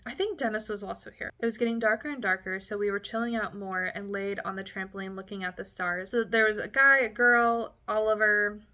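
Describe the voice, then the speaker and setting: A woman's voice: mid-range voice, bright, forceful tone. A woman in her late twenties reading her teenage diary aloud, with chatty, giggly asides between entries. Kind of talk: casual diary reading with commentary.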